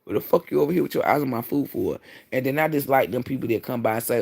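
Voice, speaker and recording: A man chats on his own livestream, speaking into a streaming mic. He rambles from thought to thought, blunt and profane, in a voice of ordinary pitch for a man. It's loose, unscripted chat. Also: fast talker, creaky, a little mellow. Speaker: livestream host.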